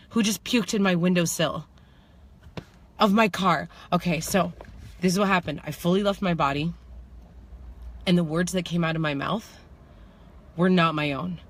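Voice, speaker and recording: Bright-voiced woman telling a story. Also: lowish voice. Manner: animated, laughing, bursts into shouts when reliving anger; swings between slow reflective lines and fast excited telling. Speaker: spiritual manifestation coach. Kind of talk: storytelling vlog monologue.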